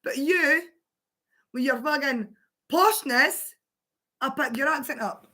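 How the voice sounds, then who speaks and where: A woman's voice: high voice, slow, bright, forceful tone. A woman hosting a livestream, chatting casually with her partner, swearing freely and laughing often. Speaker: livestream host.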